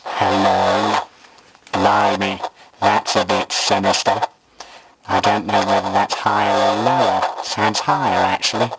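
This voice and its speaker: A man talks through a cheap electronic voice changer, reacting with amused unease to how he sounds. The processed voice comes out low, slow and flat. A loud hiss sits under every word. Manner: amused, wary commentary on his own changed voice.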